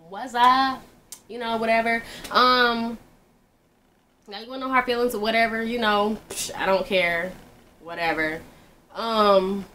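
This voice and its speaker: A woman's voice: fairly low pitch, a bit bright, a little hiss or hum. A woman talking casually into the camera, telling a personal story in a loose, offhand way, trailing off and backtracking to recall details.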